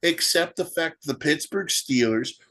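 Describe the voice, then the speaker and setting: Ranting sports podcast host. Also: male voice, a little high, moderate pace, sharp tone. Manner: ranting, rhetorical questions. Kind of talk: solo sports podcast commentary.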